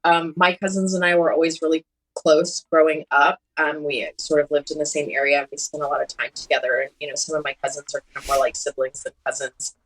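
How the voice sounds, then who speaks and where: Thirties woman guest with a low voice; frank, joking, easygoing conversation. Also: level tone, fast, poor audio. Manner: candid and self-mocking, laughs as she talks. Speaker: surgeon, podcast guest. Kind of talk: casual conversation.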